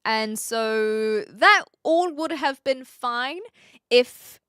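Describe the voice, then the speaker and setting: A woman's voice: sits high, expressive, extremely slow, fairly bright tone, clean tone, no room sound, clean studio sound. A woman from New Zealand in her twenties with a Kiwi accent, chatting casually on a live stream and answering her chat, often laughing.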